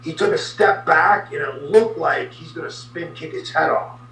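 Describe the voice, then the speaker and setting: Gravelly guy spinning a story, sharp bright voice, echoey room, off mic. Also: on the high side, moderate pace, recorded from a distance. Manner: animated anecdote teller with sound effects. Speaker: guest. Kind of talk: storytelling in a podcast interview.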